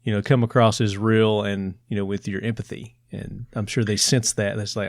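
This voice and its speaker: A man from Tennessee with a Southern accent, hosting a podcast and chatting in quick asides. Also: lowish voice, flat delivery, no room sound, studio quality. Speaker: podcast host. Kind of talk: casual interview talk.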